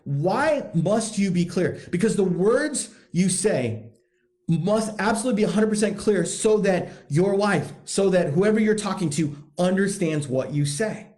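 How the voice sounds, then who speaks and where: A man's voice: high-pitched, lively intonation, unhurried, a little mellow. A man coaching husbands in a blunt, profane, emphatic monologue, hammering points home by repeating them. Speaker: podcast host, men's coach.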